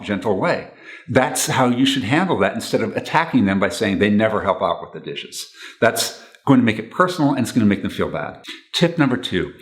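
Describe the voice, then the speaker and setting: A man giving relationship advice to camera in an earnest, instructional way, repeating his key points. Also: on the low side.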